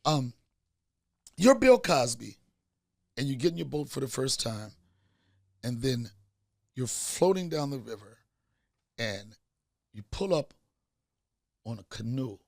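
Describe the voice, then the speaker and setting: A man hosting a comedy podcast, joking loudly and repeating lines for laughs. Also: mid-range voice, very animated, takes it slowly, gravelly, long pauses, dry recording, clean studio sound. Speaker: podcast host. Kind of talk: casual comedic chat.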